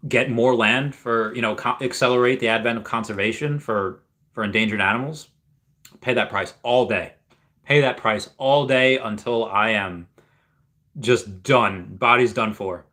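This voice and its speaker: A man's voice: on the low side, sharp tone. A man hosting a casual livestream, rambling with many restarts and reading viewer comments aloud before reacting to them. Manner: rambling, with frequent restarts and fillers. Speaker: livestream host.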